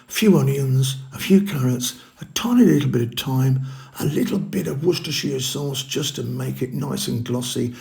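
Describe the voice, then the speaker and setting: Chatty male cooking host, gravelly voice. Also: mid-range voice, lively intonation, normal speed, darkish tone. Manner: chatty, upbeat, talks viewers through each step. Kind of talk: casual cooking demonstration.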